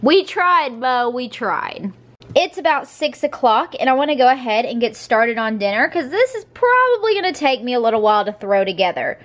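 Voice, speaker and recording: A woman's voice: fairly high pitch, big pitch swings, brisk, hardly any pauses. Chatty young woman vlogging. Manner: chatty, talks baby-talk to her dogs. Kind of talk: casual vlog narration.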